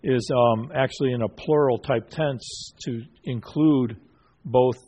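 With a mellow, medium-pitched voice, this man guides a Bible study group by asking questions and confirming what people answer. He stumbles along, full of fillers and restarts.

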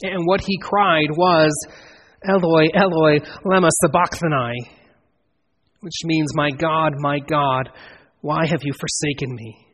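Earnest preacher in a reverberant hall. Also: male voice, steady tone, a little slow, a bit bright, breathy edge. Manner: earnest, builds to emphatic swells then drops low. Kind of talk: expository sermon. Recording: long reverb of a large hall.

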